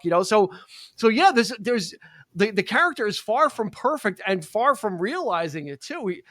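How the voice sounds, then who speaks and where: High-voiced man podcast co-host. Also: very animated, fairly bright tone, dry recording, clean studio sound. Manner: halting, many restarts, quotes lines from the film. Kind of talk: casual film discussion.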